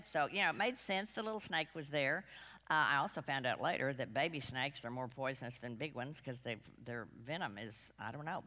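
A low-voiced woman speaks to a women's class, telling animated anecdotes in a chatty, rambling, self-deprecating way. Long hall reverb colors the recording.

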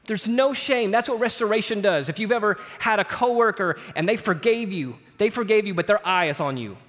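Middle-aged male pastor, conversational sermon delivery, a touch high, in a reverberant sanctuary. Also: lively intonation, brisk. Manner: conversational preaching, tag questions, swings from loud to hushed. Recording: long hall reverb.

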